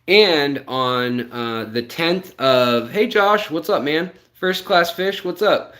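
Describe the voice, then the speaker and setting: A man's voice: fairly high pitch, lively intonation, takes it slowly, a bit bright. A man hosting a casual live stream, rambling with lots of fillers and greeting viewers in the chat by name. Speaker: livestream host.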